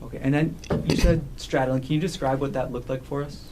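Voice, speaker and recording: A man questioning a witness in a courtroom, asking measured, formal questions. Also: mid-range voice, steady tone, background noise. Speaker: prosecutor.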